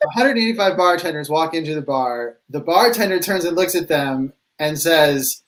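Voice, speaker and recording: High-voiced easygoing improv player. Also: male voice, animated, normal speed, few pauses, low-quality recording. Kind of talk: improvised joke telling. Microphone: video call.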